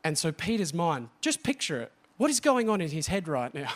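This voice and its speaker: A man preaching a sermon, animated and often asking the congregation questions. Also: on the high side, fairly quick.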